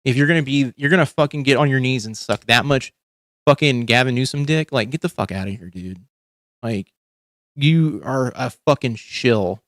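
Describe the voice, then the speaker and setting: A man's voice: mid-range voice, moderate pace, a bit bright, no echo, clean studio sound. A man hosting a livestream, ranting in casual commentary with heavy swearing and frequent restarts. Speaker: livestream host.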